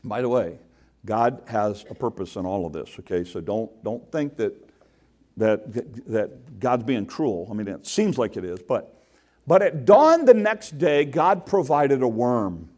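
A male pastor delivering a sermon in a church, talking to his congregation as if chatting with them. His pitch swings freely up and down as he tells the story and keeps putting questions to the room. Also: big pitch swings, unhurried, darkish tone. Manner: conversational, asks the congregation questions. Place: church sanctuary.

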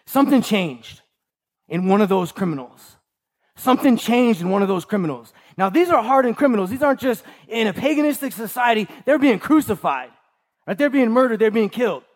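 A man's voice: sits high, lively intonation, a little fast. A man preaching a sermon in an emphatic way, repeating key lines and tossing in rhetorical asides to the congregation. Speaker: pastor.

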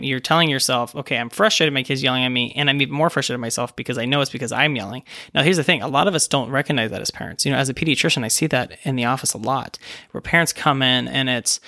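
Gravelly-voiced man talking parenting. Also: medium pitch, bright, forceful tone, dry recording, studio quality. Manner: conversational, frequent "right?" tags, acts out inner voices. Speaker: pediatrician and parenting podcast host. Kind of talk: casual solo talk.

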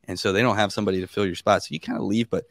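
A man in his thirties, a guest on a podcast, telling stories in a casual and animated way, laughing and acting out what people said. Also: on the low side, very fast, creaky, no echo, studio quality.

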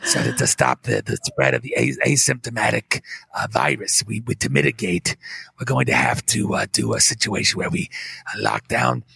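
A man impersonating a halting, droning older health official. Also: lowish voice, gravelly, husky, dry recording, pitched below the performer's own voice, heavily acted. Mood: droning, detached. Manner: flat, slow, mumbling with many uh fillers.

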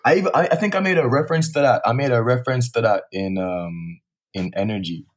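A man's voice: medium pitch, fast. A man with a Jamaican accent, a guest musician on a podcast, talking in an easygoing way with short agreeing replies. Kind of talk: casual chat.

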